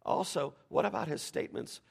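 A man preaching a sermon as pastor, animated, with dramatic quoted lines. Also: fairly high pitch, brisk, creaky, breathy edge.

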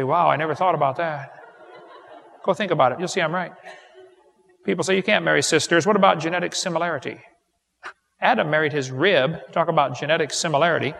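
A man's voice: a little high, creaky, fairly bright tone. A man giving a humorous seminar lecture, a folksy storyteller who builds his points to punchlines, recorded live in a large hall. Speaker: creationist seminar speaker.

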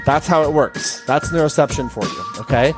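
A man hosting a podcast, speaking in an animated way to a live audience and putting questions to them. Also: a little high, fairly quick, over loud music. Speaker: podcast host.

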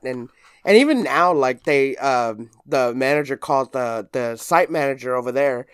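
A podcast guest spinning a long, rambling story, full of "like" and swearing, who slips into quick impressions of others. The voice sits mid-pitch and is recorded dry and close. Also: animated, clean tone, dry recording. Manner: rambling, swears freely, fills with "like", mimics others. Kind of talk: casual storytelling.

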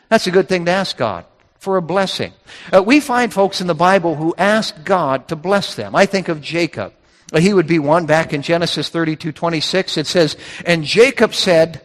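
A man's voice: high voice, expressive, moderate pace. A man preaching a sermon from scripture, with emphatic, repetitive phrasing that builds in intensity. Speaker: pastor. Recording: reverberant hall.

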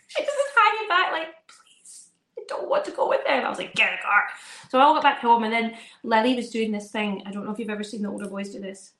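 A young woman, a podcast co-host, telling a story in animated, casual chat and acting out her children's voices. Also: sits high. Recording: roomy echo.

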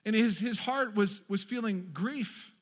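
A man's voice: high voice, a little slow. A man preaching a sermon to a congregation, passionately acting out quoted prayers. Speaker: pastor. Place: church in front of a congregation.

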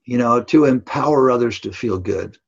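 Older coach guy, raspy voice, keeps saying right?, kinda muffled recording. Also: mid-range voice, moderate pace. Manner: earnest, emphatic, tag questions like "right?". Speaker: basketball coach. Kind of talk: storytelling in a podcast interview. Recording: dull lo-fi audio.

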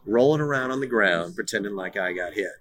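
Middle-aged male guest, bright voice, somewhat low pitch, animated storyteller in a casual interview. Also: fairly quick. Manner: animated, repeats words when starting sentences. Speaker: guest, former pro soccer player.

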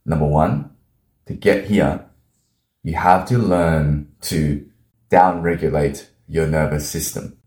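A man giving a voice lesson in a deliberate way, showing each change with his own voice. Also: a bass voice, a little mellow. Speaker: voice coach. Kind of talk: instructional talk. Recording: echoey room.

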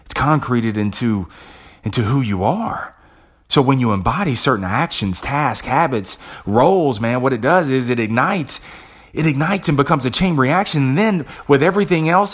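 A man's voice: fairly low pitch, fairly bright tone, slightly rough. A man hosting a podcast, giving a blunt, salty motivational talk to salespeople in a casual, conversational way. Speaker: podcast host and sales coach.

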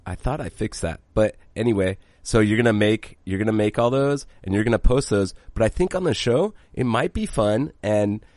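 A man co-hosting a podcast talks in an animated, casual way and swears freely. His voice sits a little low, and the recording is dry and close. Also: normal speed, few pauses, no echo. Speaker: podcast co-host. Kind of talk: casual chat.

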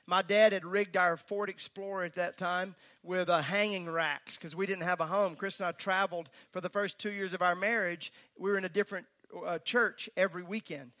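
A man preaches at a church service, his voice pitched high and ringing bright. He talks emphatically but conversationally, mixing the sermon with folksy asides. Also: fairly even intonation, moderate pace, few pauses. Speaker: pastor.

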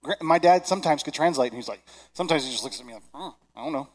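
A man, probably in his thirties, preaching a sermon in a conversational, animated way, acting out little voices. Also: on the high side, racing. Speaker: pastor.

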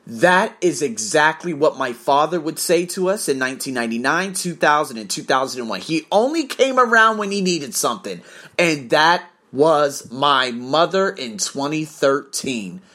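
A man's voice: a little high, animated, moderate pace, a bit bright. A man telling a blunt, profane personal story in a confessional monologue.

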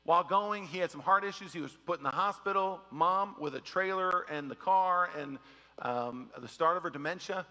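A middle-aged man preaching a casual, joking sermon as pastor, slipping into quick impressions of other people. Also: high-pitched, long reverb tail. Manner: animated, joking, mimics people in quick asides. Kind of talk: conversational sermon.

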